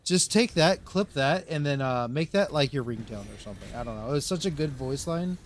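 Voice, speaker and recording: A man's voice: medium pitch, lively intonation, fairly quick, slight background noise. A man streaming a game live, rambling through casual commentary to himself and his chat.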